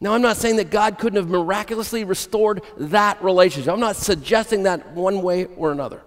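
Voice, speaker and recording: A man's voice: high-pitched, brisk, in a large hall. A man preaching a sermon as pastor, emphatic and repeating key phrases, telling illustrative stories to his congregation. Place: church sanctuary.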